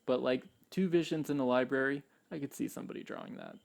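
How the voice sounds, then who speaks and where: A man with a gravelly, fry-tinged voice co-hosts a relaxed podcast chat. He jokes and leans into sarcasm while he talks things over. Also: medium pitch, fast. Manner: jokey, sarcastic. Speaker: podcast co-host. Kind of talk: casual chat.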